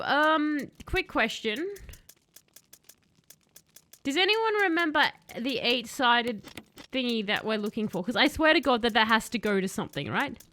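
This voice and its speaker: A woman streaming a horror game, chatting playfully with her chat and breaking into excited shouts. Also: fairly high pitch. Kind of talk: live game commentary. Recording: faint background noise.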